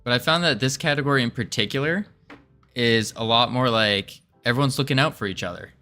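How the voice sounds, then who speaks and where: A man's voice: medium pitch, brisk, sharp tone, faint music behind. A man streaming his game development, chatting casually and reading chat aloud, chuckling often as he rambles. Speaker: game dev livestreamer.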